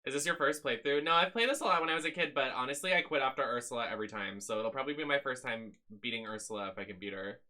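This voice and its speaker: A man's voice: mid-range voice, very fast, few pauses, pushed and bright. A man live-streaming a video game, making sassy, crude, joking asides.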